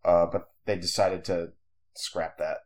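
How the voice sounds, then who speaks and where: A man's voice: deep voice, little pitch movement, measured pace, a little mellow. A man co-hosting a podcast, chatting casually and rambling with lots of fillers. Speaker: podcast co-host. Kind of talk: casual chat.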